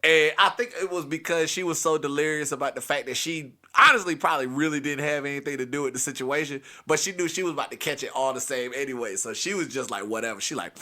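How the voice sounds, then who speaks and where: A man hosting a comedy podcast, telling a family story with lively impressions of everyone in it. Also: fairly high pitch, brisk, gravelly. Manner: animated, acts out every character.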